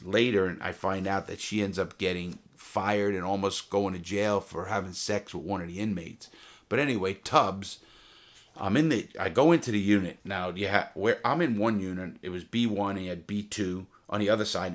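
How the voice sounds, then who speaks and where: A former jewel thief telling his prison stories in a casual, profane, animated way, full of restarts. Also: deep voice, normal speed. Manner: profane, animated, heated retelling with many restarts. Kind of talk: casual storytelling to camera.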